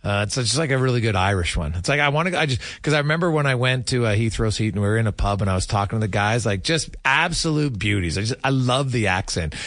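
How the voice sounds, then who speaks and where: Man, sports radio host, animated up-and-down delivery, dry studio sound. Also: medium pitch, fast talker, hardly any pauses, dry recording. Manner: chatty, reads listener messages. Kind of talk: casual sports talk.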